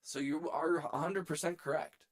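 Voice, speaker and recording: A man's voice: a little high, steady tone, normal speed. A man who produces music, chatting casually on a live stream from his home studio, goofy and playfully repeating words. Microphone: studio dynamic microphone.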